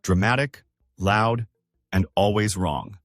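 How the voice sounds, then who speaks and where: A man narrating scripted first-person stories in a dry, measured, wry way. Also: lowish voice, fairly even intonation, a bit bright, no echo. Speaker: storyteller.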